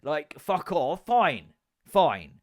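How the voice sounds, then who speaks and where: An English man in his thirties hosting a podcast, ranting casually in an animated, sweary, sarcastic way. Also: fairly high pitch, extremely slow, dry recording, studio quality. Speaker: podcast host.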